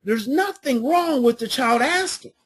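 Husky-voiced woman coaching parents. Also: high voice, animated, unhurried. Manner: storytelling with family anecdotes, emphatic repetition. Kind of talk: coaching class talk.

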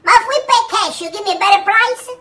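A man's voice: very high-pitched, fast talker, sharp tone, voice pushed up, full character voice. A man voicing a bossy, thrifty old Italian aunt with an Italian accent and broken English. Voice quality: broken English, pushy, haggling.

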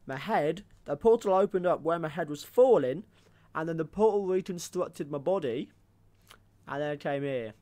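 A man's voice: fairly high pitch, animated, moderate pace, dark tone, lightly acted. A man playing a defensive, whiny 1600s plotter in an improvised comedy sketch, swearing and protesting his innocence. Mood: aggrieved. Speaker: guest playing a historical figure.

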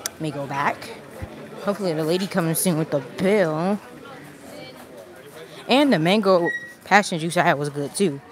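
A woman with a slightly low voice chats loosely through a handheld phone while she livestreams from a busy outdoor restaurant patio. She rambles, laughs easily and sounds a bit out of breath, with people milling around behind her. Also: moderate pace, pauses often. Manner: chatty, rambling, laughs often. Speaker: vlogger. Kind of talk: casual live-stream chat. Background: crowd of people.

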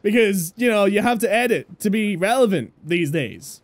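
A young woman giving loud, excitable gameplay commentary, swearing and laughing often. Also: mid-range voice, normal speed, dry recording. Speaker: gameplay streamer.

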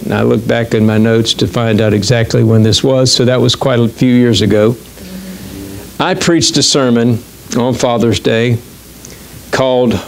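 A middle-aged man preaching a sermon as pastor in a church, talking conversationally and haltingly with many fillers and restarts. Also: medium pitch, creaky, slight background noise.

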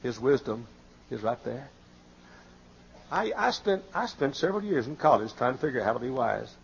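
A man in his late fifties preaching a sermon, telling folksy stories and often crying out in high, excited bursts. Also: moderate pace, gravelly. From Texas. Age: 50s. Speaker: pastor. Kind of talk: sermon with storytelling. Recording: muffled old sermon tape with faint hiss.

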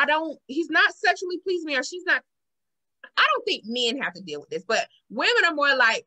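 A woman hosting a casual podcast chat, telling a story with animated acted-out quotes. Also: high-pitched, normal speed. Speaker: podcast host.

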